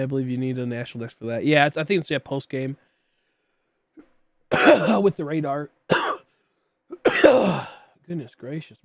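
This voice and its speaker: A young man livestreams and chats casually with his viewers, rambling with plenty of fillers and coughing often because of a tickly throat. His voice is mid-range, recorded with no room sound.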